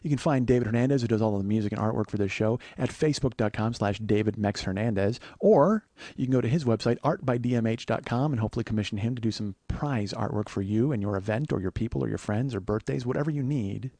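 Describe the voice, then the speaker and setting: A man in his forties hosting a podcast, telling a comic story with profanity and animated, yelled-out quotes. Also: on the low side, fast, few pauses, dry recording. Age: 40s. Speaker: podcast host. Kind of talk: comedic storytelling monologue.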